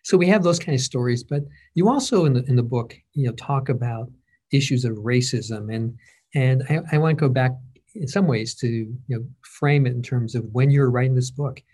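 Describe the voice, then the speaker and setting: A middle-aged man interviewing an author in a thoughtful, halting way. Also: medium pitch, warm tone, slightly rough. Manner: thoughtful, halting, gets emotional. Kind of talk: conversational interview.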